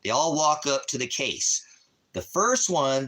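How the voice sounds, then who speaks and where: A man's voice: mid-range voice, very animated, unhurried, pushed and bright. A man hosting a casual livestream, rambling profanely and talking straight to his chat viewers. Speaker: livestream host. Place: Christmas Valley area, rural.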